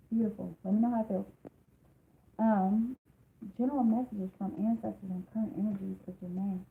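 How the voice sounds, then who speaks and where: Chatty woman reading tarot over thin audio. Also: fairly low pitch. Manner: chatty and emphatic, many fillers. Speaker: tarot card reader. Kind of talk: live-streamed tarot reading. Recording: tinny phone-like sound with faint noise.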